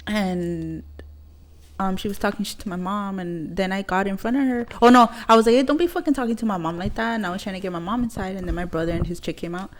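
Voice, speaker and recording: A young woman with a lilt tells a story on a casual podcast. She swears freely and acts out everyone's lines. Her voice sits at an ordinary middle pitch. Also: fast talker, slight background noise. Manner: profane, animated retelling with quoted dialogue. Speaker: podcast co-host.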